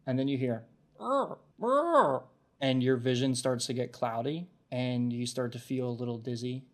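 A man's voice: medium pitch, level tone, brisk, darkish tone. A man narrating a tabletop game as game master, descriptive, often restarting his sentences.

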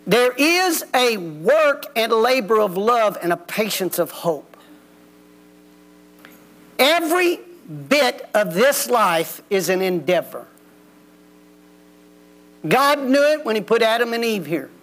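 Man preaching, high lively voice with gravel, folksy and blunt. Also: slow pace, long pauses. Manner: preachy, folksy, plain-spoken. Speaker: pastor. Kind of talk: sermon. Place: church sanctuary.

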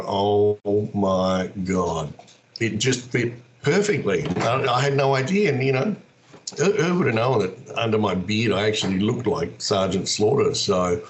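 A middle-aged Australian man, a wrestler and actor, telling stories in a casual, animated way. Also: on the low side, a little hiss or hum. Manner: animated, acts out quoted voices. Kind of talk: casual storytelling.

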